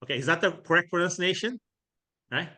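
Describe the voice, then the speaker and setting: Bright-voiced man teaching a workshop. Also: high voice, expressive, a little fast. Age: middle-aged. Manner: conversational, keeps checking in with "right?"; acts out sample doorstep lines. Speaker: real estate trainer.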